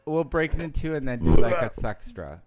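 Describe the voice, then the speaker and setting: A man co-hosting a comedy podcast, animated and pushing the others to move the show along. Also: medium pitch, a little fast, crowd noise. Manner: animated, bossy about running the show. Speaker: podcast co-host. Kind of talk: casual comedy banter.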